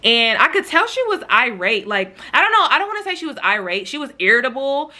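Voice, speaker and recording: Bright-voiced woman telling a story. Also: sits high, a little fast. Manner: chatty, lively storytelling with slang, addressing viewers as "y'all". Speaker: vlogger. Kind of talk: storytime vlog.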